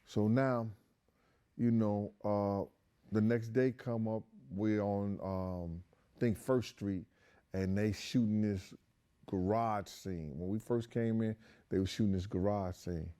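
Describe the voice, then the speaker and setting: A man with a low, dark voice tells a story slowly, in a steady, clean tone. As a guest storyteller sharing a casual anecdote, he rambles in slangy street talk, filling it with lots of "you know" and "um."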